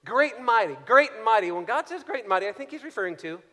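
A man preaching a sermon as pastor, swinging from soft, low passages to shouted exhortation. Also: animated, quick pace. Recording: long hall reverb.

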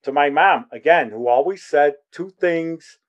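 A man's voice: on the high side, unhurried, highs cut off. A man in his sixties hosting a podcast, telling long, rambling anecdotes in casual chat and retelling conversations with "he goes". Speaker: podcast host.

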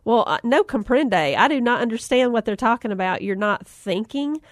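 A middle-aged woman, telling a funny personal story, chatty and animated, laughing often and acting out the voices she quotes. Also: fairly high pitch, a little fast, dry recording, clean studio sound. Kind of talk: humorous storytelling talk.

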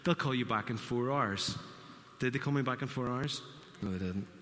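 A man's voice: medium pitch, normal speed, fairly bright tone. A man preaching a sermon, telling a story and acting out the quotes. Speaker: pastor. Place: church hall. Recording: church hall reverb.

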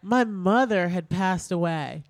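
A woman's voice: fairly low pitch, expressive, measured pace, no echo. A woman hosting a radio show in a studio, chatting casually and candidly, swearing freely and leaning heavily on "like". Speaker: radio host.

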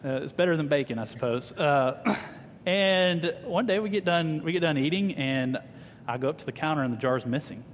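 A man in his thirties gives a sermon in a church hall, his voice slightly high for a man. He tells family stories with animated humor, and the long reverb of the hall trails behind his words. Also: moderate pace, a little hiss or hum. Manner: animated, humorous storyteller addressing a congregation. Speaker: pastor. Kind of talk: sermon with personal storytelling.

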